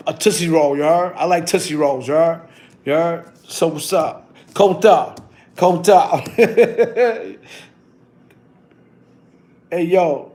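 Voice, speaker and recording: Slangy middle-aged man chatting on livestream. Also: sits high. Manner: loose, slangy storytelling with many shout-outs. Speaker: livestream host. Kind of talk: casual livestream chat.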